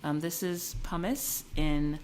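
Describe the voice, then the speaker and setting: A woman's voice: low voice, steady tone, slow pace, darkish tone, a little hiss or hum. A woman co-hosting a podcast in casual chat, talkative and laughing often, trailing off mid-sentence. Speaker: podcast co-host. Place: yarn shop. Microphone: recorded on camera.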